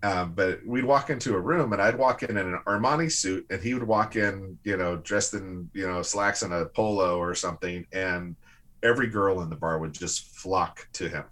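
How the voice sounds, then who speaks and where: A man, a guest on a conversational show, telling personal stories in an animated, lively way. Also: low-pitched, normal speed. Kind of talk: casual conversational storytelling.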